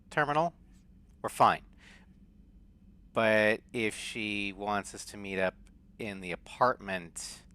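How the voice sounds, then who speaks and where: Streamer, man, low, bright and forceful tone, faint game music behind; casual commentary. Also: smooth. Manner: thoughtful, reads in-game messages aloud.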